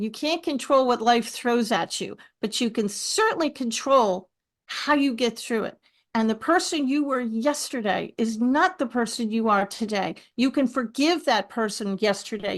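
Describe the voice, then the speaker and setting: A middle-aged woman, a podcast guest, telling stories with lively asides. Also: on the high side. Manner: animated storyteller, lively asides. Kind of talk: podcast conversation.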